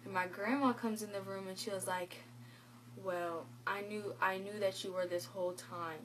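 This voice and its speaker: At a moderate pace and mid-range pitch, a teenage girl tells a personal story on her vlog. Her retelling is animated, built on quoted lines and plenty of "like." The audio is poor, with slight background noise.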